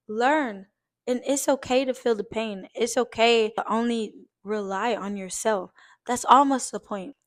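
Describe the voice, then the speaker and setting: Earnest young woman, tearful encouragement. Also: medium pitch. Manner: earnest, emotional, on the verge of tears; casual, uses fillers like "like" and swears lightly. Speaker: vlogger. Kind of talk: heartfelt encouraging vlog talk.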